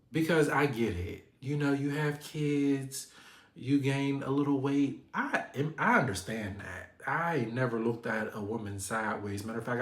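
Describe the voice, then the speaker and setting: A man recaps a reality show in a sassy, animated way, slipping into high voices to act out the cast. His voice sits in a middle range. The room around him is echoey. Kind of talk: casual recap commentary.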